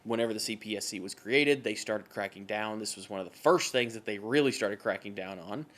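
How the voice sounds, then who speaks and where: A tired man co-hosting a podcast, talking casually in a halting way with many restarts and fillers. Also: on the low side, a bit bright. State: tired, yawning. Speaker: podcast co-host.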